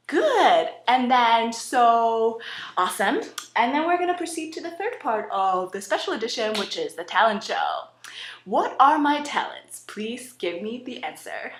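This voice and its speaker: A young woman hosting a playful comedic audition, chatty and animated. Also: on the high side, measured pace, slight background noise. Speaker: host audition contestant. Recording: roomy echo.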